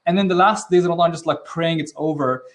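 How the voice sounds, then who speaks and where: A man's voice: a little high, fast talker. Upbeat, casual man hosting a webinar. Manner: energetic, casual, acts out quoted reactions; sprinkles Arabic religious phrases. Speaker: webinar host and trainer. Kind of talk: interactive online teaching.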